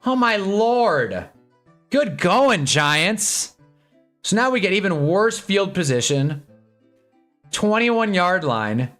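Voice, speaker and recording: A young man casually reacting to live football games on a stream, swinging from low muttering to excited yelling at big plays. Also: takes it slowly, pauses often, faint music behind. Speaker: sports streamer. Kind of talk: live football watch-along commentary. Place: home streaming room with green screen.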